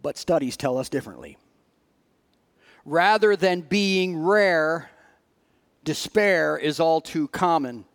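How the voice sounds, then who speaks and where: A man delivering a sermon as pastor, reading scripture earnestly and asking the congregation rhetorical questions, with dramatic pauses. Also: a little high, animated.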